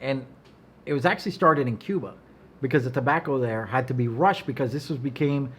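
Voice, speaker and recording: A man's voice: medium pitch, fairly quick, fairly bright tone, husky. A middle-aged man, a cigar maker, talking in a casual chat as a guest, blunt and profane, telling stories with animation. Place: office.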